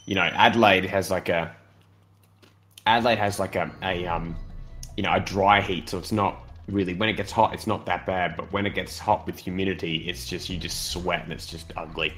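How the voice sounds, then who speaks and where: A man with a notably low voice hosts a casual game race commentary. He rambles in easygoing small talk, restarting sentences and filling pauses, with faint music behind him. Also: fairly even intonation, fairly bright tone. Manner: rambling, chatty, many fillers and restarts.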